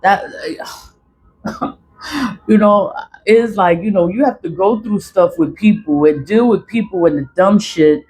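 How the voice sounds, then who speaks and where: A woman in a casual vlog monologue, venting a story bluntly and with a lot of swearing. Her pitch sits in the middle of the range, and she hammers her points home by saying them over and over. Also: a little slow, pauses often, darkish tone, breathy edge. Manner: emphatic, repeats herself for stress. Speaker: vlogger.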